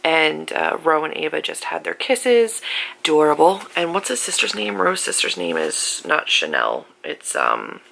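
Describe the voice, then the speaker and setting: A woman's voice: low voice, very animated, unhurried, vocal fry, a bit bright, a little hiss or hum, low-quality recording. A woman vlogger chatting casually and emphatically about a book she is rereading, sore and resting in bed. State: sore after an accident. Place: in bed at home.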